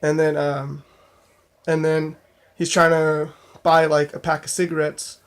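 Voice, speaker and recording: Young man, casual vlog storytelling, rambling, filler-heavy, slightly high pitch, monotone. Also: a little slow. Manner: rambling, full of "like" and restarts. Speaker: store clerk telling a work story.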